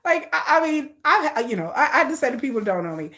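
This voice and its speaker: A woman vlogger chats casually with her viewers in a high, bright-sitting voice. Her pitch leaps around constantly as she jokes and breaks into frequent laughter, playful and chatty throughout. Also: big pitch swings, quick pace.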